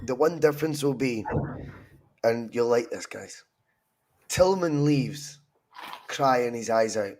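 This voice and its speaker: Sweary, lively Scottish man with a cold. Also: mid-range voice, slow pace, long pauses, slight background noise. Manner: animated, sweary banter. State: has a cold. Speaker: podcast host. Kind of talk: casual football chat.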